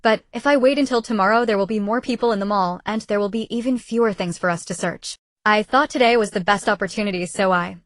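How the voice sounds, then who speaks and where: A woman's voice: medium pitch, quick pace, hardly any pauses, dry recording, studio quality, natural voice. A woman playing a pleading young best friend. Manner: pleading, excuse-making.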